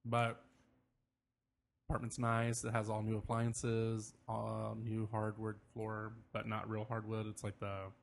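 Gravelly-voiced man chatting casually. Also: lowish voice, completely flat delivery, measured pace. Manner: rambling, talks while eating. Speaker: podcast co-host. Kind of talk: casual chat.

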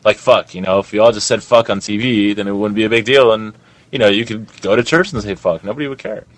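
A man's voice: fairly low pitch, fast talker, dry recording. A young adult man hosting a podcast, ranting in a rambling, profane casual chat. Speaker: podcast host.

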